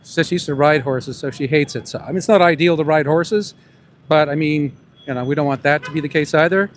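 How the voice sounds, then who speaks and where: A man's voice: fairly high pitch, brisk, slight background noise. A man interviewing passersby on a city street for his vlog, calling out the same question again and again. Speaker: street interviewer and animal rights activist. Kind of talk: street vox-pop vlog. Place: outdoors on a busy city street by a park.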